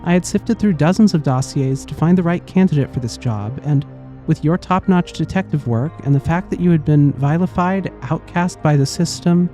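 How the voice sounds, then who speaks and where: A man's voice: a little high, moderate pace, mellow, soft background music, natural voice. A man voicing an earnest young woman politician, reading game dialogue in an apologetic, pleading way. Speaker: let's play host voicing game characters.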